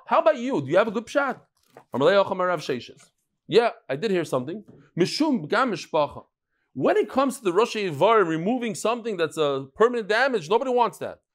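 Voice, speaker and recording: A middle-aged man giving a lively, joking Talmud lecture, mixing Hebrew and Yiddish terms into his English. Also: high voice. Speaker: Talmud teacher.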